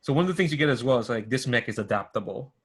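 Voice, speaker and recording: A man's voice: mid-range voice, animated, very fast, husky. A man running a tabletop game as game master, narrating casually in a hesitant way with lots of fillers and restarts.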